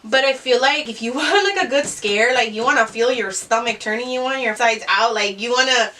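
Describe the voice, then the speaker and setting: Young woman co-host, quick animated storyteller, sharp bright tone, mixes in Spanish, a bit off-mic. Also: a little high, recorded from a distance. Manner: animated, slips between English and Spanish. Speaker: podcast co-host. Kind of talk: casual storytelling chat.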